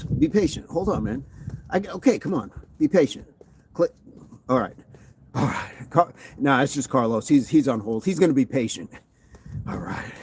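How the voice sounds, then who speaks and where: A man's voice: medium pitch, slight background noise. A man hosting a daily fitness livestream, casually chatting, joking and greeting viewers by name as he reads their comments.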